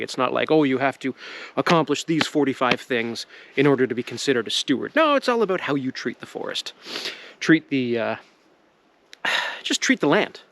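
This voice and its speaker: Jokey middle-aged man, lively pitch, casual woods vlogger. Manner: jokey, rambling, laughs often. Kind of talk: casual outdoor vlog. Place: snowy woods outdoors.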